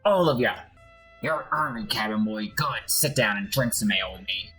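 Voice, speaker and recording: A man doing a gruff drunken old sailor. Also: on the low side, expressive, normal speed, sharp tone, soft background music, exaggerated voice, low-quality recording. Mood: angry.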